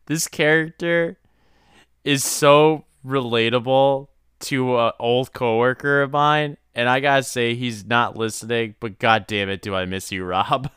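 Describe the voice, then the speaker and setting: A man's voice: medium pitch, fairly even intonation, unhurried, fairly bright tone, clean tone, dry recording, clean studio sound. A man co-hosting a podcast, chatting casually and reacting with hesitant, filler-heavy remarks. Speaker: podcast co-host. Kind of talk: casual chat.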